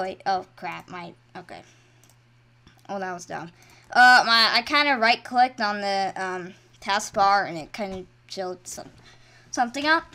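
A woman runs her own channel, casually commentating over her game. She's excitable, dropping into quiet mumbles one moment and letting out loud, high shrieks the next.

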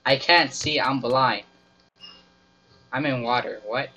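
This gaming YouTuber is a young man whose medium-pitched voice is slow, bright, and forceful as he delivers goofy, over-the-top gameplay commentary. It's captured on a slightly dull, lo-fi mic.

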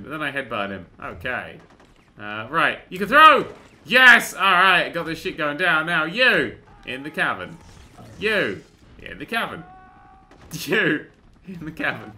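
A young man giving excitable, sweary, joke-filled commentary while playing a video game. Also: medium pitch. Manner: excitable, sweary, joking asides. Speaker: gaming channel host. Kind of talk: comedic gameplay commentary.

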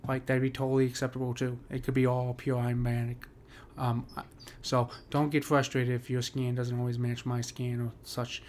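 A man's voice: medium pitch, completely flat delivery, normal speed, hardly any pauses, a little mellow, slight background noise. A man walking through a poem's meter in a casual screen-share lesson, with lots of fillers and "right?" checks. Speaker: poetry teacher.

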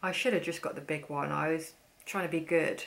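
Woman, beauty vlogger; lowish, chatty, self-mocking, casual delivery. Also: steady tone, fairly quick, creaky, fairly bright tone. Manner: chatty, self-deprecating, playful asides. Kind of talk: casual haul chat to camera.

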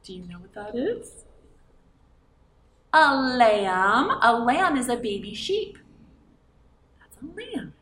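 Reading a picture book to a group of children, this woman librarian uses a coaxing, sing-song delivery and puts questions to them. She speaks on the high side, very animated, at a measured pace with frequent pauses. Captured from a distance in a roomy space, the clip carries slight background noise.

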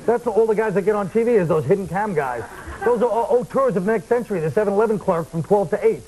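A male comedian as a talk show guest, riffing with wry deadpan and mock-serious asides. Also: sits high, fast talker, rough recording. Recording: old broadcast tape with faint hiss.

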